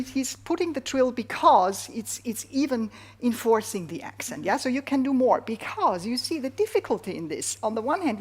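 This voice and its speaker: A woman teaching a flute masterclass, encouraging her student and singing rhythms aloud, often checking in with "yeah?". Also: on the high side. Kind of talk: masterclass coaching.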